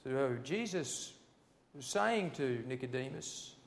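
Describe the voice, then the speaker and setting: A man preaching a sermon and reading scripture, fervent and building to loud, emphatic passages. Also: mid-range voice, lively intonation, takes it slowly, vocal fry, a little hiss or hum. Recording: long reverb in a large hall.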